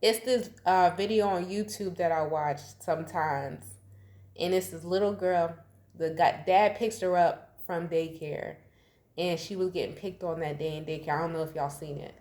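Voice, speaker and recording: A woman's voice: lowish voice, steady tone, moderate pace, darkish tone. A woman in her thirties giving a casual tarot reading, chatty and slangy, laughing often. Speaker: tarot reader. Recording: echoey room, faint ambience.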